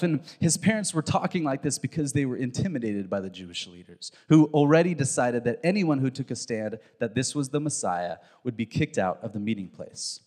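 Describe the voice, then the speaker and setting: Preacher in a reverberant hall. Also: male voice, medium pitch, brisk, few pauses. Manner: lively storytelling, voicing the characters in the reading. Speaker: pastor. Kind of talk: sermon with scripture reading.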